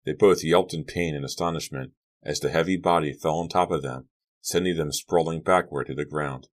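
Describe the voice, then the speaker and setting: Very deep-voiced male audiobook narrator. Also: moderate pace. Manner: steady, dramatic storytelling. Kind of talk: scripted narration.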